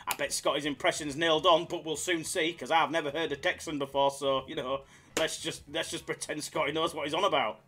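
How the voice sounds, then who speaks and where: A man's voice: on the high side, fairly quick, bright, forceful tone, faint music behind. A man streaming slots live, bantering with chat in a jokey, hyped-up way. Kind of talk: casual live-stream chatter.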